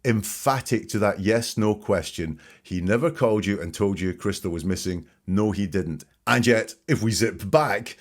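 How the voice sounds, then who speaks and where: A man hosting a podcast, calmly picking apart interview answers phrase by phrase. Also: on the low side. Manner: measured, dissecting each phrase. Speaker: podcast host. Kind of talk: analytical commentary on interview clips.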